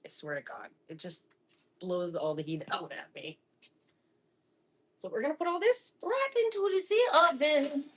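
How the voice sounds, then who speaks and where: A middle-aged woman from Florida chatting casually while cooking in her home kitchen, laughing often and sometimes dropping to a soft half-whisper. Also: mid-range voice. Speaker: live-stream cooking host.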